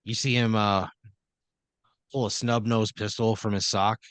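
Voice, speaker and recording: A man's voice: on the low side, flat delivery, unhurried, a bit bright, no echo. A man hosting a comedy podcast, narrating an improvised scenario in second person with lots of fillers and restarts. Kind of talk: improvised storytelling.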